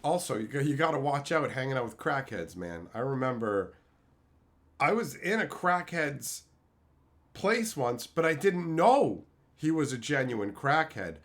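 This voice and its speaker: A man in his thirties chatting casually on a live stream, telling stories and shouting out loud quotes. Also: medium pitch, very animated, measured pace. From Canada. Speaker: streamer opening card packs.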